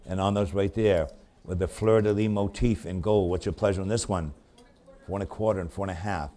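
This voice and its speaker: Working as an auctioneer, a deep-voiced man with a New England accent calls bids in rapid, repetitive bursts. His tone is steady and warm, and he pauses for chatty asides about the items.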